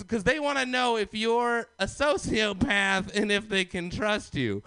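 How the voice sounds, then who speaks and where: Male open-mic comic, loud manic ranter, high and bright, unhurried delivery. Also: expressive, clean tone, no echo. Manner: loud, manic, conspiratorial ranting. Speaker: stand-up comedian. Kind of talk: open mic stand-up set.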